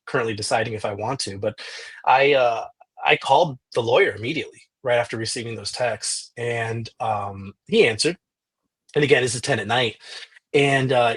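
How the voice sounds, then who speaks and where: Husky-voiced man telling a story. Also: medium pitch. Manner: animated retelling with frequent restarts and quoted dialogue. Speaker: podcast guest, journalist. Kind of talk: storytelling in a podcast interview.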